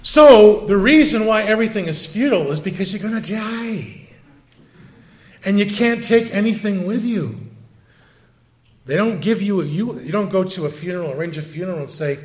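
High-voiced older man preaching casually. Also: animated, moderate pace, a little mellow. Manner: conversational preaching with rhetorical questions and asides. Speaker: pastor. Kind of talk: sermon.

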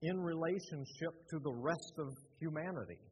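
An older man preaching in a church, halting with many fillers and restarts. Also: a little high, husky. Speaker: lay preacher. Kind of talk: sermon. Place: church sanctuary. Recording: muffled, with a long hall echo.

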